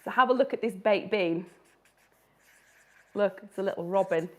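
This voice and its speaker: A woman's voice: mid-range voice, moderate pace. A woman who illustrates children's books, giving a chatty, playful live drawing tutorial and laughing often.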